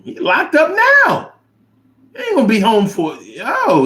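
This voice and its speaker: A man hosting a casual livestream, reading viewer comments aloud and reacting with animated, chat. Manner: animated, drops to low mumble reading comments.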